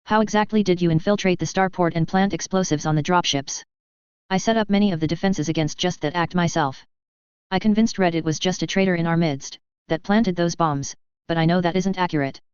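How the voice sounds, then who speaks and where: A narrator doing a flat-voiced captive woman commander. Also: mid-range voice, brisk, clear, resonant tone, dry recording, highs cut off, natural voice. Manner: flat and monotone.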